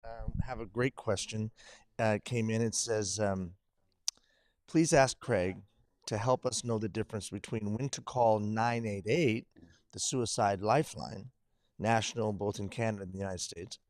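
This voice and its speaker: A man hosting a live webcast, sometimes halting with fillers, upbeat when addressing viewers. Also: fairly low pitch, no room sound. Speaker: host.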